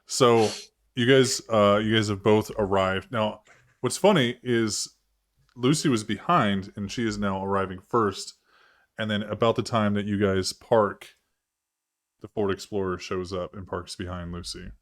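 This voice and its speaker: A man with a fairly low voice narrates a tabletop role-playing session as its game master. He rambles loosely from one detail to the next, filling gaps with fillers. He swears casually as he goes. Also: steady tone, measured pace.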